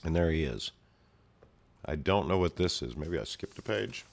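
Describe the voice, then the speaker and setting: A low-voiced man chats casually as he pages through a comic, narrating the action in a loose, rambling way. He tosses in his own mouth sound effects and offhand asides as he goes. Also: lively intonation, moderate pace, vocal fry, slight background noise. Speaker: comic reader and commentator. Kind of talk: casual read-along commentary.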